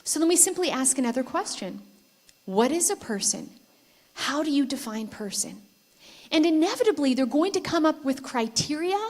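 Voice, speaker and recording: A woman giving a conference keynote speech, telling stories in a lively way and putting questions to the audience. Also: sits high. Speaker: keynote speaker. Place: conference stage before a live audience.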